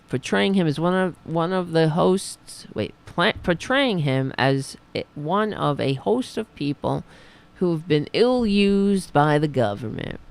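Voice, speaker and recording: A woman hosting a political commentary show, reading news items and breaking off into sarcastic, profane rants in a slightly raspy voice. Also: low-pitched. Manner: sarcastic, profane, reads news then riffs.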